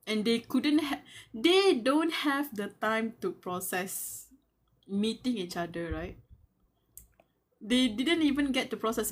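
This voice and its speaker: Slow-spoken woman gushing over a live reading. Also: mid-range voice. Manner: gushing fangirl reactions, squeals and laughter; muses aloud, talks to the characters. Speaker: live reader of a web novel. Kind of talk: live reading with excited commentary.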